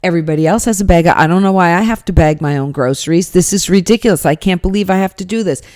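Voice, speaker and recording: A woman mimicking an entitled female shopper who gripes indignantly and quickly about bagging her own groceries. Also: low voice, lively intonation, gravelly, dark tone, full character voice. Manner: indignant, rapid griping.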